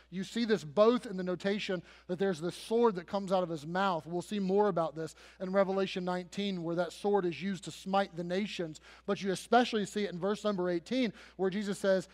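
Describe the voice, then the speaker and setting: A high-voiced male pastor preaches with dramatic storytelling, sinking to soft passages and swelling to loud, emphatic peaks. His voice rings out with a long reverb, as in a large church sanctuary. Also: a little fast, few pauses. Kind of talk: sermon.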